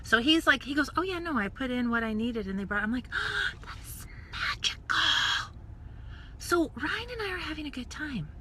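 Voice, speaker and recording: A very bright, fairly high female voice telling a story live, lively and chatty. She plays out the voices of the people in her story and now and then drops to a whisper for an aside. A casual coaching stream, recorded on a phone or webcam. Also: quick pace, few pauses, a little hiss or hum. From United States. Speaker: network marketing coach.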